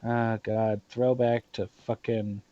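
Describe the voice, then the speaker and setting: A man from the Southern US with a Southern accent, chatting excitably and swearing while playing a game. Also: fairly low pitch, slow, no echo. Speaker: let's play host. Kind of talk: casual gaming chat. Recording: dull lo-fi recording.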